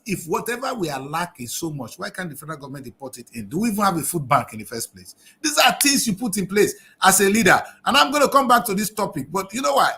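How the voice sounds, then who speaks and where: A man's voice: fairly high pitch, sing-song, fast talker, bright, forceful tone. A man giving impassioned political commentary on a TV review show, scolding and firing off rhetorical questions.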